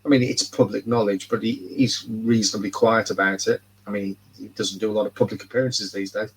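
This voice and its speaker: A man's voice: lowish voice, steady tone, fairly quick, slightly rough, poor audio. A man in casual podcast chat, rambling and repeating words as he talks. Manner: rambling, repeats words, laughs at his own jokes. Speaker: podcast guest.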